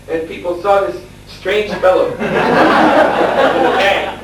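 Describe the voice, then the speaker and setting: Male spiritual teacher, lively storyteller, captured from a distance in a very echoey room with faint noise behind. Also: high voice, unhurried. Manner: animated storyteller, laughing, acting out shouts. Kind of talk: storytelling lecture.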